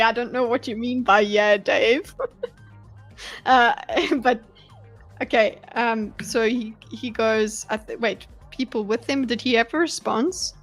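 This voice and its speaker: A woman hosting a livestream and commenting on a debate clip. She talks bluntly and with animation, swears freely and breaks into laughs. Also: on the high side. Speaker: livestream host analysing a debate. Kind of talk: live reaction commentary.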